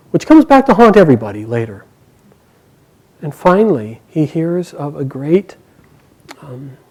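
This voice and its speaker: Mellow-voiced male storyteller. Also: mid-range voice, poor audio. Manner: expressive, warm narration with pauses and restarts. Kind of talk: oral storytelling of an epic.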